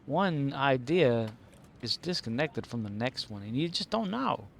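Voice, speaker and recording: A man's voice: medium pitch, lively intonation, normal speed, gravelly, hardly any pauses, slight background noise. A man streaming a game live, rambling and joking as he plays and mutters to himself. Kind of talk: casual live-stream commentary.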